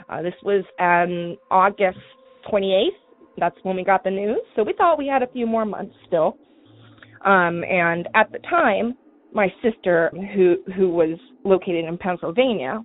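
Woman caller, mid-pitch, casual storyteller, hesitant with soft laughs, phone-line sound. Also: no echo. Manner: halting, with fillers and soft laughs. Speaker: caller telling a personal story. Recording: tinny phone line, dry.

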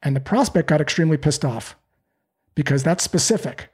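Higher husky guy, sales coach on a podcast, acts out cold calls. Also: brisk. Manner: animated, acts out sales calls in quoted voices. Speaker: sales trainer. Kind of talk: podcast interview answers.

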